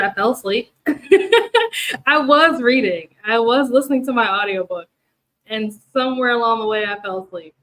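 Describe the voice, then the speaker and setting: A woman's voice: on the high side, pushed and bright, rough recording. A tired young woman, hosting a reading livestream, who chats in a rambling way and laughs often. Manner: rambling and chatty, laughs often, many fillers. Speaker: booktube host of reading sprints. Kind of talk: casual livestream chat to viewers.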